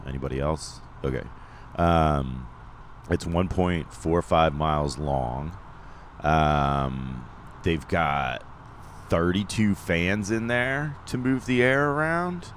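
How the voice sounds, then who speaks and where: A man's voice: rumbling low, slight background noise. A comedian narrating his road-trip vlog in a casual voice-over, rambling and joking with lots of ums. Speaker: comedian and vlogger. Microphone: voice-over, not recorded on the road.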